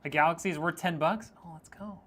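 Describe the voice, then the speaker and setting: A man with a slightly high, bright, forceful voice talks fast while streaming a PC build. He chats casually, reads comments aloud, and keeps up a teasing, joking banter full of laughter.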